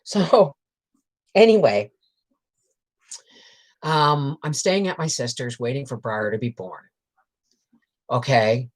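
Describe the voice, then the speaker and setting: A woman's voice: a bass voice, measured pace. A woman telling rambling, frank family stories on a casual livestream, greeting viewers and reading their comments between tales. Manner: rambling and frank, peppered with swears and laughter. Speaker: homestead channel host on a livestream.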